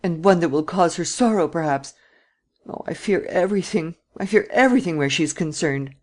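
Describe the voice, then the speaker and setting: A man voicing a tearful, anxious old woman who protects her granddaughter, pleading in a high, trembling voice, in an audiobook reading. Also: animated, a little fast, a little mellow. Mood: fearful.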